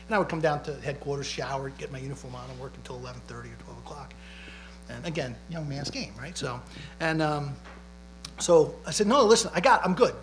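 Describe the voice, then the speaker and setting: A man's voice: medium pitch, a little fast, low-quality recording. A middle-aged man, a police chief, telling stories and explaining at a public library talk, often tagging lines with "right?". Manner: chatty, tags lines with "right?". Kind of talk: public panel talk, storytelling. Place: library community event.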